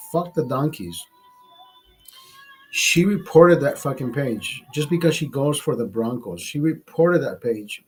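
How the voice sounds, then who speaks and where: A man's voice: mid-range voice, a little mellow, slightly rough, low-quality recording. A man hosting a livestream, telling a story in a heated, profane rant. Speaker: livestream host. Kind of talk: ranting storytime monologue.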